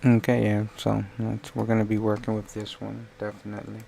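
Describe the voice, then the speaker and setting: A man's voice: on the low side, completely flat delivery, brisk, gravelly, dark tone, a little hiss or hum. A man live-streaming while he works on a design, thinking aloud in a rambling, self-correcting way.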